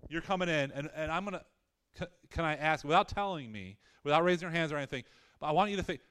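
High, smooth-voiced man preaching casually. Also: fairly bright tone. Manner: conversational, repeats words often, asks the congregation questions. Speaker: pastor. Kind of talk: sermon.

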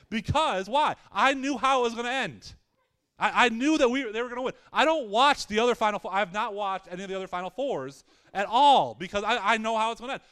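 A man's voice: sits high, a bit bright, clean tone. A middle-aged man preaching a conversational sermon, often repeating words and asking the congregation questions. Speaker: pastor.

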